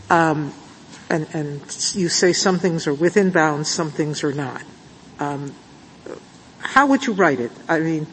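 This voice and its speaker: A woman judge questioning counsel in court, thinking aloud with many hesitant fillers. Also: low voice. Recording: reverberant courtroom audio with faint hiss.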